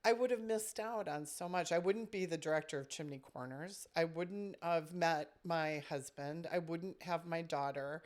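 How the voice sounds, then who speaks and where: A woman's voice: sits low, moderate pace, few pauses, darkish tone. A woman who directs a summer camp, telling a personal story in casual podcast chat, reflective and full of "you know" fillers.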